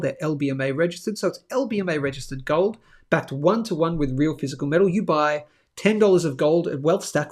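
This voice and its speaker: A man hosts a live show in a relaxed, chatty way. He keeps checking in with the audience as he talks. His voice sits a little high and has a gravelly edge. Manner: chatty, animated, lots of "okay?" asides. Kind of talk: casual live-stream talk with sponsor reads.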